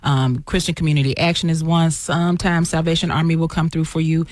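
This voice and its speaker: A woman with a calm, soothing manner, a therapist giving advice as a guest on a radio show. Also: low-pitched, a little fast, no room sound, studio quality. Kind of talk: on-air advice.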